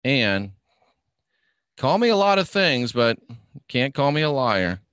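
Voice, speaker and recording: A man's voice: medium pitch, big pitch swings, slow, a bit bright, clear, resonant tone, no room sound, clean studio sound. A middle-aged man hosting a casual live stream, reading viewer questions and rambling in an offhand, joking way. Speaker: livestream host reading viewer comments.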